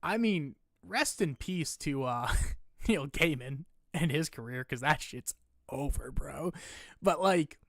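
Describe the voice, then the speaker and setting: A young man streaming casually, rambling and putting himself down, turning loud and animated when he rants. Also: a little high, takes it slowly, gravelly, dry recording, clean studio sound. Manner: rambling, self-deprecating, gets loud and animated when ranting. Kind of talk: casual chat.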